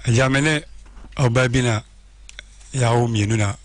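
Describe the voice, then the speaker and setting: A man with a Ghanaian accent calling in to tell his story in a calm, plain way. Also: mid-range voice, normal speed. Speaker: caller. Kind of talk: telling a personal story.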